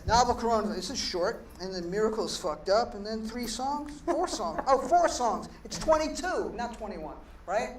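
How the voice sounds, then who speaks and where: A middle-aged man with a high, expressive voice performs live poetry in a gallery, speaking at normal speed with few pauses. Between readings he chats in a rambling, profane, self-deprecating way. The recording has an echoey room, a distant mic, and faint noise.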